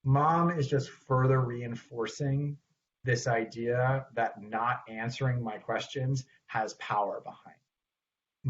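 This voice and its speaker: A man's voice: medium pitch, fairly even intonation, slow pace, highs cut off. A man teaching clinicians in a casual, conversational way, acting out the lines he says to parents and children. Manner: conversational, acts out what he says to parents and kids. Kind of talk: recorded training talk.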